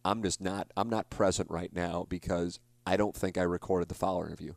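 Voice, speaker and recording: Man, forties, podcast host, casual monologue, rambling and self-deprecating, lowish voice, dry sound. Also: steady tone, brisk, gravelly, darkish tone, dry recording. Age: 40s. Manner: rambling storyteller, self-deprecating, frequent restarts.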